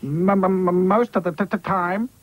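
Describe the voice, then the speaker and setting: A man's voice: high-pitched, fairly even intonation, normal speed, highs cut off, pitched above the performer's own voice. A man voicing Hi-Fi, a male rag doll with a heavy stammer. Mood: earnest.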